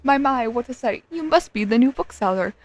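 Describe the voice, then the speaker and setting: A woman's voice: a little high, animated, brisk, voice pushed up. A woman reading as a sweet, prim townswoman. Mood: welcoming. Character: sweet friendly townswoman greeting a newcomer.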